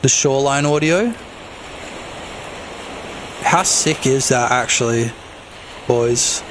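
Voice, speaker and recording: A man streaming while he develops a game, chatting casually and excitably, swearing and rambling. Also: mid-range voice, slow pace, noisy background. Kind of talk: casual livestream chat.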